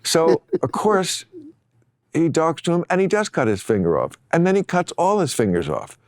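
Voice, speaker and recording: A middle-aged man hosting a podcast, chatting casually and telling stories with animated swings and frequent laughs. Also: on the high side, normal speed, dry recording, clean studio sound. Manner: animated storytelling, laughs often. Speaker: podcast host. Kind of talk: casual chat.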